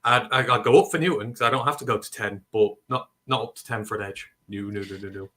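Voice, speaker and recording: A man from northern England with a Northern English accent, co-hosting a casual sports talk stream, animated and opinionated. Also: fairly low pitch. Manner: animated, opinionated, quick asides. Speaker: co-host.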